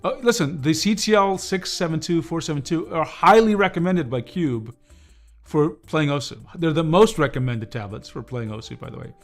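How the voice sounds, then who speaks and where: A man hosts a relaxed livestream, talking straight to his viewers. He rambles, stops himself and restarts, filling the gaps with uhs. Faint music plays behind him. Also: fairly high pitch, moderate pace. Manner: rambling, chatty, with frequent fillers and restarts. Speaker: livestream host reviewing drawing tablets. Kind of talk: casual livestream chat with viewers.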